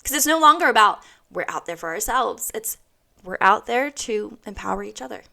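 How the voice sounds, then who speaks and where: A woman's voice: mid-range voice, animated, normal speed, vocal fry, pushed and bright. A woman in her thirties giving a blunt, emphatic motivational monologue, swearing freely and repeating her points for weight. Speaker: host.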